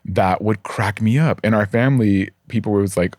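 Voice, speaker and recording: Frank, animated man telling stories. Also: lowish voice, moderate pace, no room sound, clean studio sound. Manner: animated, candid and profane, acting out quoted voices. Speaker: podcast guest. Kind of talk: casual conversational storytelling.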